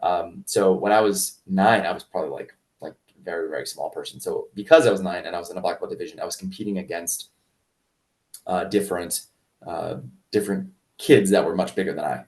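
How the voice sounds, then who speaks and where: A man, a martial arts instructor, telling a story in a casual interview, rambling with restarts and jumping much higher when he quotes people. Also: fairly quick, darkish tone, recorded from a distance. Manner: rambling with many restarts and fillers; acts out quoted voices in a much higher pitch.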